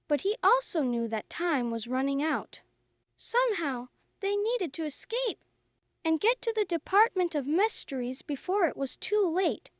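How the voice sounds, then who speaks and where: A woman narrating a story in a slow, clear, even reading for English learners. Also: very high voice, no echo, clean studio sound.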